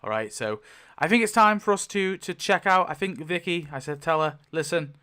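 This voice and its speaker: A man's voice: high voice, sing-song, fairly quick, bright, forceful tone, smooth. A man playing a tabletop roleplaying game solo, talking it through casually and thinking aloud with many fillers and self-corrections. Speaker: solo game player narrating.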